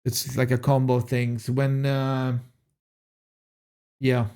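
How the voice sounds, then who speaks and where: A man's voice: medium pitch, monotone, slow, darkish tone, clear, resonant tone. A male streamer chatting casually to viewers, exasperated, swearing and restarting his sentences. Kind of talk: casual live-stream chat.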